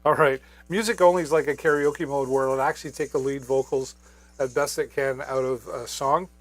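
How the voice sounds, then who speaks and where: A man's voice: medium pitch, fairly even intonation, a little fast, no echo. Casual male live-sale host, chatty, lots of ums, wireless mic sound. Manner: casual, chatty, many fillers. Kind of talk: live product demo. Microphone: wireless microphone.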